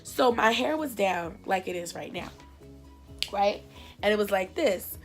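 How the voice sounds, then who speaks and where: A woman's voice: medium pitch, measured pace, soft background music. A young woman from New Jersey telling a casual storytime to her viewers, acting out the other people in her own voice. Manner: animated, acts out dialogue in voices. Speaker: vlogger.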